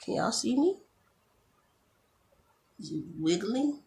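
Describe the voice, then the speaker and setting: Recorded on a camera phone, a woman doing a nail tutorial speaks in a slightly high, gravelly, dark voice with big swings in pitch. She's a chatty beauty vlogger who gets fed up easily and keeps making jokey asides.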